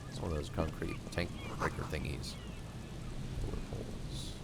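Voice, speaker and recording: Deep, gravelly gamer reading aloud. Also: male voice, animated, moderate pace, very noisy. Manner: reads game text aloud, chatty asides. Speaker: gamer playing through a game. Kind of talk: casual let's-play commentary and reading aloud. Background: game music.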